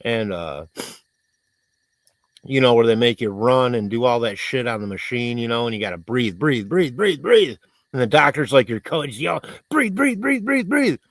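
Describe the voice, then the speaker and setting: A man's voice: mid-range voice, normal speed, no echo. A man hosting a livestream, rambling in casual chat and reading viewers' comments aloud, congested and coughing. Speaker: livestream host.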